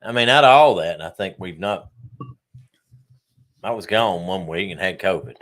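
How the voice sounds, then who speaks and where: A man co-hosting a casual sports talk show, easygoing and animated. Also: sits low, moderate pace. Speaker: co-host.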